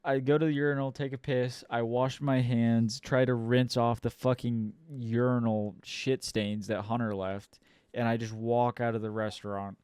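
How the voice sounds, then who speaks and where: Young man telling a rowdy story, crisp and dry. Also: medium pitch, moderate pace, dry recording. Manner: animated, profane storyteller who acts out quotes loudly. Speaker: podcast co-host. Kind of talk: casual storytelling chat.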